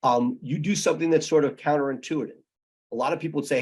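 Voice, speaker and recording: Stammering man with a husky voice. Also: fairly high pitch, fairly even intonation, quick pace. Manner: stammering, repeats words as he starts questions. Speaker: podcast host. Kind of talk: casual interview.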